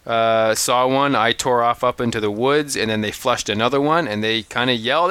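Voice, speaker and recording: A man co-hosting a podcast, telling hunting stories in an animated, casual way, often restarting his sentences. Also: mid-range voice, normal speed, few pauses, clean tone, no echo. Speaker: podcast co-host. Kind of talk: casual storytelling chat.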